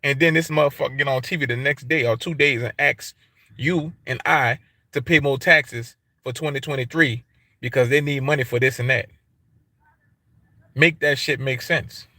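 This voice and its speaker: A man's voice: mid-range voice, steady tone, fairly quick, sharp tone, no echo. A man with an African American English accent ranting on his livestream in a casual, profane way, repeating himself for emphasis. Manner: repetitive, emphatic, heavy swearing, street slang. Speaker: YouTube livestream host.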